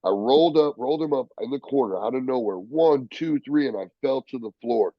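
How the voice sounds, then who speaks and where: A man, a professional wrestler, telling stories in a casual interview, profane and animated, acting out the people he quotes. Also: mid-range voice, fairly quick, no echo, muffled recording.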